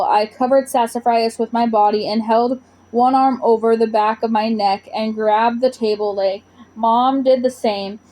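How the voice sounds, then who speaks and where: A woman reading a children's storybook aloud with expressive narration. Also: on the high side. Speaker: audiobook reader.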